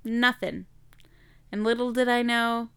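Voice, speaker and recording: A woman's voice: fairly high pitch, fairly even intonation, gravelly, pushed and bright, smooth. A young adult woman hosting her own podcast, telling a hard personal story in a candid, reflective way. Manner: candid, reflective, slow and emotional. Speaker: podcast host.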